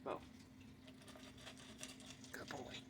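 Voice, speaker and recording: Chatty woman vlogger rambling through a story. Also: background noise. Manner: rambling, chatty, quick asides and laughs. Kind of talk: casual storytelling.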